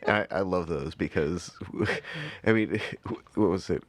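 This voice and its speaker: A man with a very deep voice joins a casual conversation. He speaks hesitantly and often circles back to restart his sentences. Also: slow pace. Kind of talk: casual chat.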